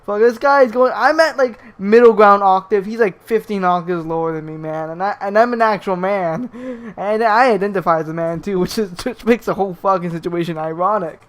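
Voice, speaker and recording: A man's voice: high voice, brisk, hardly any pauses. Young guy ranting, swears nonstop, keeps stumbling on words. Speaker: YouTube commentator. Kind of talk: profane rant commentary.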